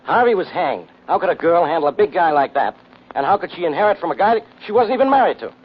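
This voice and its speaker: An actor playing a gruff, impatient police inspector in 1940s radio acting. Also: male voice, sits high, very animated, fast talker, exaggerated voice. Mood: skeptical. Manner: gruff, barking. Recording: lo-fi old radio recording.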